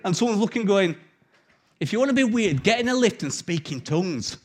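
A middle-aged man preaching an informal sermon, telling stories with big swings from loud to hushed. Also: high voice, lively intonation, fast talker.

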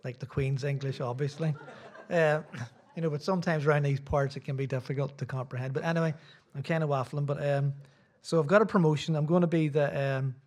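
A man's voice: on the high side, fairly even intonation, fairly quick, few pauses, a little mellow. A middle-aged Irish man, a visiting preacher, giving a sermon in a church with rambling, self-deprecating asides. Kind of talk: sermon with casual chat.

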